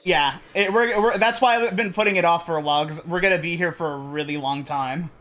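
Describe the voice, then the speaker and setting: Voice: mid-range voice, brisk, fairly bright tone. Rambling let's play streamer. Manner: rambling, with frequent restarts and self-corrections. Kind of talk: casual gameplay commentary.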